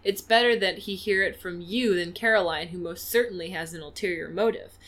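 A woman's voice: fairly low pitch, a little fast, a bit bright. A woman co-hosting a casual podcast, reading listener comments aloud with playful asides. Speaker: podcast co-host.

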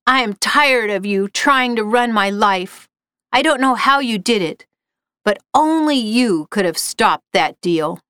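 A woman's voice: a little high, animated, unhurried, pushed and bright, smooth, no echo. A woman voicing an angry, fed-up grown son in a read ghost story.

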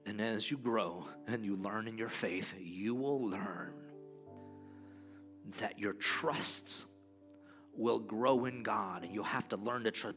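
A pastor preaching a sermon in a church, telling a personal story in an earnest way. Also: male voice, fairly low pitch, unhurried, long pauses, pushed and bright, soft background music.

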